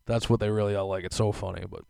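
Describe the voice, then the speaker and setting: A young man talks alone into a podcast mic, rambling from one story to the next and swearing freely. His voice sits a little low, and his laughs break in often. The room sounds dry and close. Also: fairly even intonation, quick pace, creaky, dark tone, clean tone, dry recording. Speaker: podcast host. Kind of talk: casual solo podcast rant.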